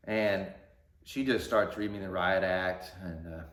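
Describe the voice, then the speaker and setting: Man, channel host, casual storytelling, rambling with fillers, lowish voice, echoey room. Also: fairly quick. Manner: conversational, rambling with fillers and asides. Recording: roomy echo.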